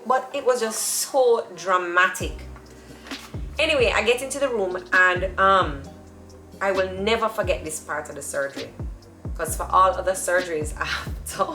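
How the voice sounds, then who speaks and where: Woman, casual vlog storytelling, chatty, animated, echoey room. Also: medium pitch, normal speed, faint music behind. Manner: chatty and animated, acts out the people in her story. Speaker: vlogger.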